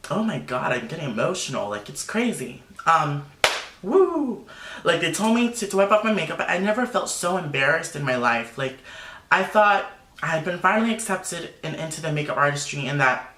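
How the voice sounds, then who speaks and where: A young man, a makeup artist, telling a personal story in an animated, emotional vlog full of fillers. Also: fairly high pitch, normal speed. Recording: roomy echo.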